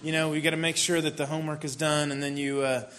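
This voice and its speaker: High-voiced man telling a candid sermon story. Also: little pitch movement, fast, fairly bright tone. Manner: conversational storytelling with bursts of mock frustration. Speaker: pastor.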